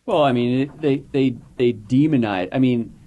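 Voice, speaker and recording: A man's voice: medium pitch, moderate pace, phone-quality sound. Man, radio co-host, hesitant, wry, faint clicking noise. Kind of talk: call-in radio talk.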